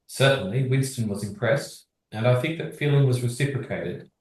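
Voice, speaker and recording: A man teaching history revision, reading exam sources aloud at a steady pace and discussing them. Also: mid-range voice, normal speed, far from the mic. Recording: very echoey, from across the room.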